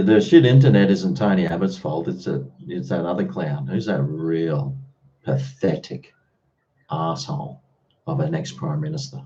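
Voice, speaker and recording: A man's voice: deep voice, warm tone, muffled recording. An Australian man live-streaming, chatting casually with viewers and answering their comments in a blunt, freely swearing way.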